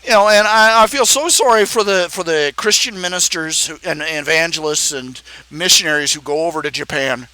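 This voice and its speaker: A man hosting a live stream, talking in a casual, animated ramble, repeating phrases and laughing at his own jokes. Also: a little high, fairly quick, few pauses, no room sound, rough recording.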